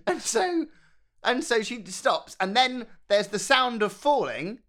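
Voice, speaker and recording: A man co-hosting a casual podcast chat, his bright voice swinging lively up and down. He laughs easily and mimics lines from the show as he goes. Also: extremely high pitch, slow pace. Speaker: podcast co-host. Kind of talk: casual chat reviewing a TV episode.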